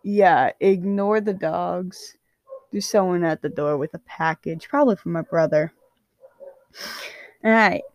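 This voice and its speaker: A woman's voice: on the low side, unhurried, pauses often, a little mellow, no echo. A young woman casually reading fan fiction aloud, chatty and self-deprecating, stumbling over words. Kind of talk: casual read-aloud storytelling.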